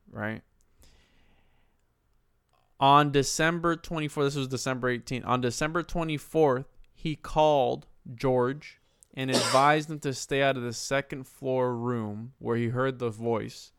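A man's voice: medium pitch, fairly bright tone, smooth, no echo, studio quality. A man casually retelling a haunting case on a podcast, loose and profane, with frequent restarts.

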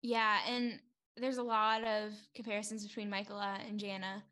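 A woman's voice: mid-range voice, flat delivery, normal speed, bright, forceful tone. A young woman co-hosting a podcast, chatting casually and agreeing often with short affirmations. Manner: agreeable, supportive listener with brief affirmations. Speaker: podcast co-host. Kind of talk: casual recap chat.

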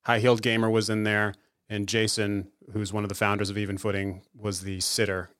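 Male co-host, low and dry; handles announcements in casual chat. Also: little pitch movement, brisk, a bit bright, no room sound. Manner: organized, runs announcements. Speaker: podcast co-host.

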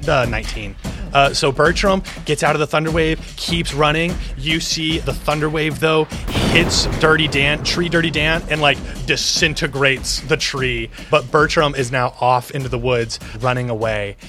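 A man's voice: on the high side, steady tone, moderate pace, over music. A man narrating as game master of a tabletop game, casual and full of fillers.

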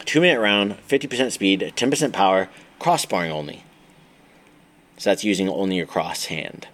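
Low-voiced man reading a training book. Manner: steady instructional reading, listing drills item by item; occasional stumbles and restarts. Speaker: Muay Thai coach reading his own book.

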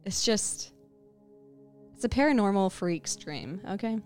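A woman's voice: mid-range voice, lively intonation, measured pace, darkish tone, faint music behind. A woman co-hosting a podcast, telling an eerie story in the second person as she sets the scene for the listener. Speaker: podcast co-host. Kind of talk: scripted spooky storytelling.

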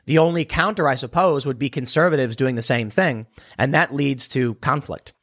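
A man's voice: medium pitch, moderate pace, a bit bright. A man delivering a sarcastic political commentary monologue, emphatic and mocking his opponents.

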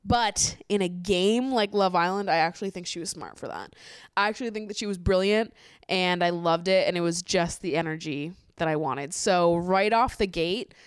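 A woman's voice: on the low side, smooth, no echo, clean studio sound. A young woman hosting a podcast in casual chat, swearing freely and laughing often. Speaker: podcast host.

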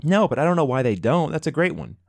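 A male podcast co-host with a very lively, swooping voice, joking as he tells the story. The sound is dry and close, with no room in it. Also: a little high, fast, dry recording. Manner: playful, jokey, animated storyteller. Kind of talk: casual chat.

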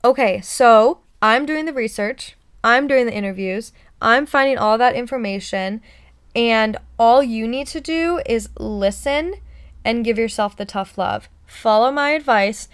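A woman hosting her own motivational podcast, talking excitedly in an encouraging, pep-talk way. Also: on the high side, unhurried, clear, resonant tone. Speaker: podcast host.

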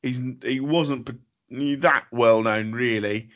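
A man's voice: medium pitch, slow pace, fairly bright tone, muffled recording. A man teases his co-host on a comedy podcast. He rambles through long jokes with plenty of restarts, in an ordinary mid-range voice. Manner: teasing, rambling.

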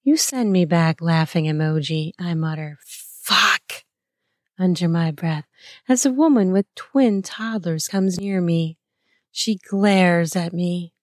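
A woman tells an intimate erotic story in the first person, taking her time at a slow, languid pace. Her slightly low voice is breathy and playful, with soft laughs and gasps scattered throughout. The recording is close and dry, with no room sound at all.

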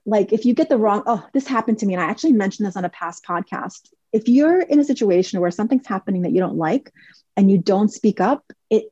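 A woman's voice: medium pitch, warm tone, breathy edge, no room sound, muffled recording. A woman in her forties hosting a podcast, chatting casually and telling stories while acting out other people's lines. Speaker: podcast host. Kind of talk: casual advice talk.

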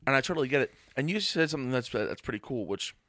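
A young man co-hosting a podcast in casual chat, animated and rambling, swearing freely. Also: medium pitch, quick pace, no echo, studio quality. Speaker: podcast co-host.

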